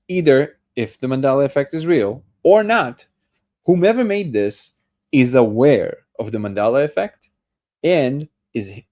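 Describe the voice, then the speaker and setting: This host's voice is mellow and medium-pitched as he runs a daily live discussion and reacts to a video clip. Thinking aloud casually, he keeps restarting sentences and stumbling over words.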